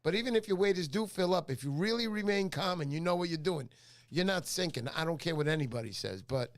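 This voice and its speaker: Chatting and cracking jokes, this middle-aged fishing show host welcomes viewers by name on a casual livestream from his home. He talks fast, his voice is on the higher side, and his intonation is lively.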